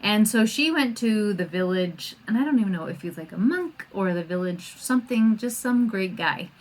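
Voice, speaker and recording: A middle-aged woman talks through her homeschooling podcast in a chatty, animated way. She slips into small acted-out voices whenever she quotes someone. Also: medium pitch, moderate pace. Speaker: podcast host and homeschool coach. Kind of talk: casual podcast talk.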